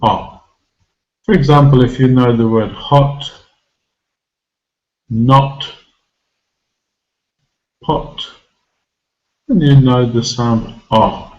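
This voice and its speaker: A man teaching English vocabulary and pronunciation, saying each word slowly and clearly for learners to repeat. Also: medium pitch, fairly even intonation, dull audio. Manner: slow, deliberate enunciation, modelling words for repetition. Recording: roomy echo with loud music behind.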